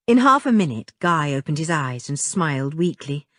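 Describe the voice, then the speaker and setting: A woman narrating a children's audiobook in an expressive, storybook manner. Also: low voice, moderate pace, no echo, studio quality. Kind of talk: scripted narration.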